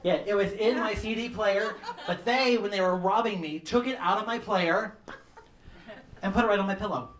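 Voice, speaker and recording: A man doing a stand-up comedy set, telling campy stories about his mother and mimicking her in a shrill voice, with audience laughter behind him. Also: normal speed, fairly bright tone. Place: comedy club stage. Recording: roomy club sound from some distance.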